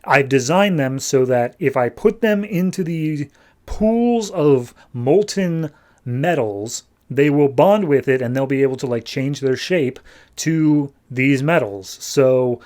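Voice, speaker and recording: A man's voice: medium pitch, animated, slow pace, darkish tone. A man playing a frustrated male robot inventor, exasperated and rambling.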